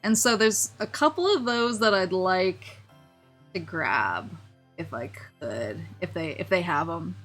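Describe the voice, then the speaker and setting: A woman's voice: fairly low pitch, animated, takes it slowly, a bit bright, soft background music. A young woman streaming a casual chat, giggling often and rambling with lots of restarts. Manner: giggly, rambling, self-interrupting. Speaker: vtuber streamer.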